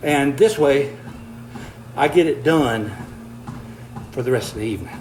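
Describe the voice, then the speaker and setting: Walking on a treadmill while he reads viewer comments, this older man keeps his livestream chat casual, folksy, and easygoing, chuckling a lot and sounding slightly winded. He speaks at a medium pitch, unhurried and a bit mellow. Audio quality is poor, with a little background noise.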